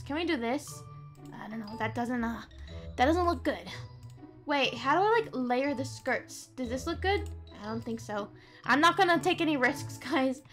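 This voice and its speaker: Bubbly high-pitched Australian girl gamer. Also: fairly bright tone. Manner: bubbly, gasping, lots of "like" and "oh my gosh". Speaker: gaming YouTuber. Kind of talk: casual gameplay commentary. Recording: voice over game music.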